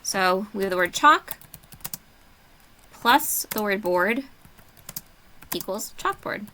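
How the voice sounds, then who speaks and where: A patient woman teacher talks students through a worksheet in a steady, mid-pitched voice. She slows down to spell words out letter by letter and keeps her instructions simple. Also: slight background noise. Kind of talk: remote classroom lesson.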